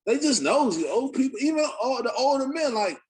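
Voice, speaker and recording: A man's voice: extremely high pitch, sing-song, brisk, slightly rough. A young adult man on a podcast, telling casual, profane stories with lots of fillers. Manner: loose, profane storytelling with many fillers. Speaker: podcast host. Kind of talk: casual chat.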